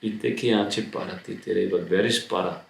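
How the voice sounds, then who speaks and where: A man giving a devotional talk in a temple, telling stories of saints in halting, broken phrasing and pausing often for his translator. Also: deep voice, steady tone, gravelly, slight background noise. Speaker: spiritual speaker. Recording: echoey temple room.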